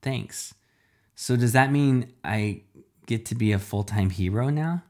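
A man's voice: mid-range voice, a little slow, darkish tone, natural voice. A man voicing an eager young boy hero in a storybook reading, full of questions.

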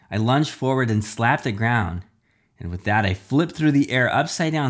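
A man narrating a playful, animated first-person adventure story. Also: lowish voice.

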